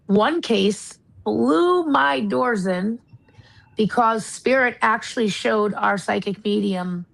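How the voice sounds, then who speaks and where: A woman's voice: mid-range voice, creaky, poor audio. A woman from the United States, a retired marshal and paranormal investigator, speaking earnestly and candidly as an interview guest. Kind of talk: casual interview talk.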